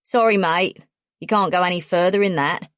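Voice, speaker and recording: A brash, overconfident young Australian guide, as a woman reads him in an audiobook. He sounds breezy and self-assured, pitched a little low, in a dry, close recording. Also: moderate pace, a bit bright, no room sound, lightly acted. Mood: cocky.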